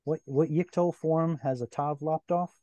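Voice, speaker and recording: A man's voice: on the high side, fairly even intonation, a little slow, mellow, no room sound. A man teaching a Bible Hebrew class online, explaining grammar patiently and step by step with questions to his students. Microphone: video call.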